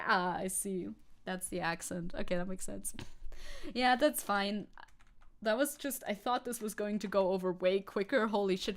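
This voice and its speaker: A woman's voice: medium pitch, expressive, normal speed, a bit bright. A woman hosting a live stream, chatting casually with viewers, rambling, repeating herself and laughing often. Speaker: streamer host.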